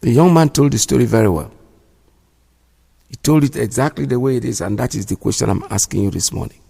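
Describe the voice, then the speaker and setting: A man's voice: medium pitch, a little fast, vocal fry, dark tone, husky. A man hosting a radio show, giving indignant, preachy commentary and repeating himself for emphasis. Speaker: radio host. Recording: long hall reverb.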